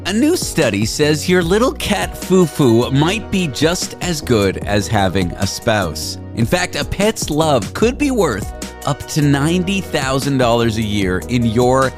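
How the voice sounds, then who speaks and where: A man's voice: mid-range voice, very animated, unhurried, over music. A man hosting a talk show, joking and teasing his guests in a casual interview.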